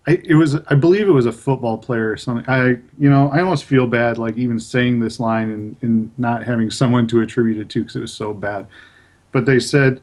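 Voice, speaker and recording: A man's voice: medium pitch, darkish tone. Young man hedging his points on a podcast. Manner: hedging, conversational, measured. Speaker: podcast co-host. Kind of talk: casual chat.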